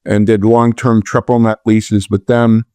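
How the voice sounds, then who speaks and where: A middle-aged real estate investor guesting on a podcast tells an animated story in a lowish, clean-toned voice, going a little slowly. He voices the dialogue loudly and restarts often, on a dry recording.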